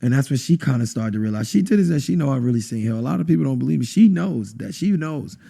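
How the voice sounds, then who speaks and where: A husky, mellow-voiced adult man with a wife gives a dramatic, emotional testimony as a podcast guest in conversation. He talks fast with lively intonation, staying intense and acting out quotes with sudden high bursts.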